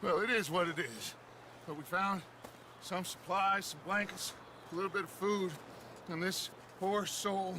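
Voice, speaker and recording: Actor as a tired gruff outlaw cowboy, drawling, steady, fairly high-pitched, game audio with noise behind. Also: male voice, lightly acted.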